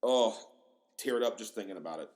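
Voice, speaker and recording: A young man hosting a casual solo podcast, rambling and profane, excitable and full of fillers. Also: fairly low pitch, fairly quick. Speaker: podcast host.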